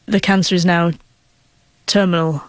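A woman's voice: fairly low pitch, little pitch movement, normal speed, no room sound. A young woman speaks with a noticeable stutter, catching and repeating her first sounds. She tells a personal story as a guest in an interview, earnest and emotional. The sound is dry and close, with no room around her.

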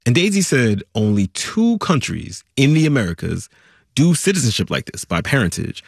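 A man's voice: medium pitch, sing-song, normal speed, gravelly, slightly rough, no room sound. A man hosting a conversational news podcast, chatty and explanatory, recorded on a studio mic. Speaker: podcast host.

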